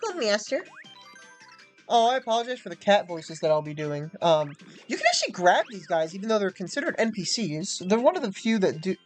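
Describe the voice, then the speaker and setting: Young woman hosting a let's play, animated, chatty, giggly, with faint game music under her voice. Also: medium pitch, quick pace, few pauses. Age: young adult. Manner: chatty, filler-heavy, giggly asides. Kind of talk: casual gameplay commentary.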